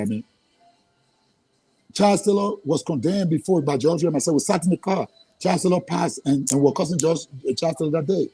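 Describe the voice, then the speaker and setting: A man's voice: a little high, mellow, breathy edge, low-quality recording. A man with a Liberian English accent, speaking heatedly as an interview guest, often stammering and repeating himself when frustrated. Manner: angry, repetitive, stammering restarts.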